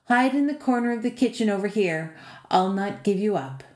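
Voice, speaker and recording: A woman's voice: medium pitch, expressive, normal speed, close to an everyday voice. Brief: woman reader doing a wary, blunt old housekeeper, roomy sound. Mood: warning. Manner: blunt, warning. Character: suspicious old woman servant, blunt and kindly.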